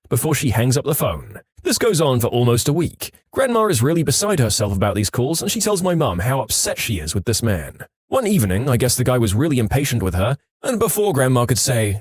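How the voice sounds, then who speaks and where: A man's voice: medium pitch, brisk, dry recording, studio quality. A man narrating online stories in a scripted, wry storytelling manner. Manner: lively, expressive storytelling with wry delivery.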